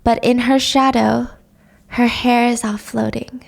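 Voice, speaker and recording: Young woman host, casual recap, chatty and expressive, voice a bit high. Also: a little slow, gravelly. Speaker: podcast host.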